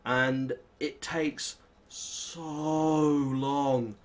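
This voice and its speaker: A young British man with a British accent, chatting and swearing casually as he plays through a modded game, with sudden excitable outbursts. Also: fairly high pitch, extremely slow. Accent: British English. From Britain. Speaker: gaming channel host. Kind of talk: casual Let's Play commentary.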